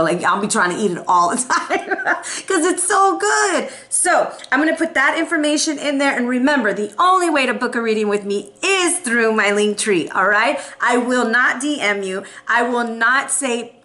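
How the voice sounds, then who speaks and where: Bright, high-voiced chatty tarot woman. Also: normal speed. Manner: chatty, playful, gives shout-outs. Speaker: tarot reader. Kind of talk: casual tarot reading to camera.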